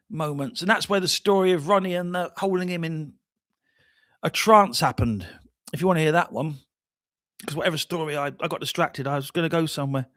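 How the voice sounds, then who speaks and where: A jet-lagged man hosting a casual livestream chat, telling stories in an animated way, trailing off and restarting often. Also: on the high side, no echo, studio quality. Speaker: livestream host.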